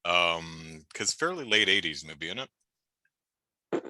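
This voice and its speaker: A middle-aged man chatting casually about movies, his voice very bright and forward. He talks in fits and starts, restarting phrases often. The sound is dry and close, with little room around it. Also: deep voice, sing-song, no room sound, rough recording. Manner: halting, many restarts and fillers. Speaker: YouTube show host.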